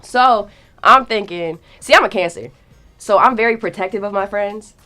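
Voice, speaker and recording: A young woman, a guest storyteller, tells a story in casual slang at a moderate pace over faint music. Her medium-pitched voice is animated, leaping wildly as she acts out the quotes.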